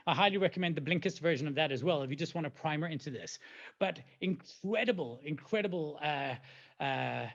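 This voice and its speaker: A man in his forties gives an animated webinar talk, tossing out rhetorical questions and playful sound effects. His voice sits high, and the call audio comes through slightly dull and lo-fi. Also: slightly rough. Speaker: presenter.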